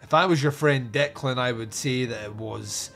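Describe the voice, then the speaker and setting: A man voicing a grieving, determined male investigator in a low, grim tone. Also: normal speed, a bit bright, faint music behind, close to an everyday voice.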